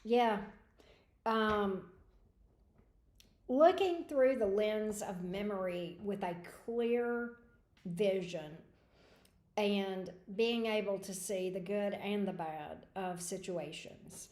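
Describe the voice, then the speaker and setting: A woman's voice: medium pitch, takes it slowly, pauses often, a little mellow. Woman giving tarot readings in an echoey room. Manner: rambling, hesitant, thinking aloud with many ums. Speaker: tarot reader. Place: home room at a desk.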